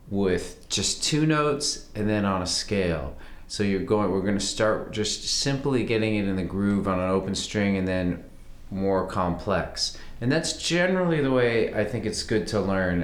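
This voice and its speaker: A man teaching a fiddle lesson in a relaxed, conversational way. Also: fairly low pitch. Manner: relaxed, conversational, counts beats aloud. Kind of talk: casual music lesson. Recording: roomy sound with fiddle playing.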